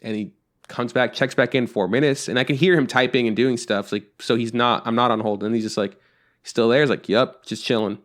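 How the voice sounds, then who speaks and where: Fast-talking exasperated podcast co-host man. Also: mid-range voice. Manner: animated storytelling, acting out both sides of a call; frequent swearing, exasperated. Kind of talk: casual chat.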